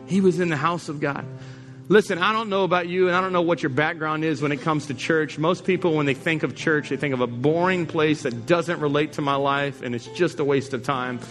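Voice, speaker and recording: Male pastor, fairly high voice, punchy sermon delivery with repeated lines, soft music under. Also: brisk. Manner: emphatic, repeats key lines, acts out quoted people. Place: church service.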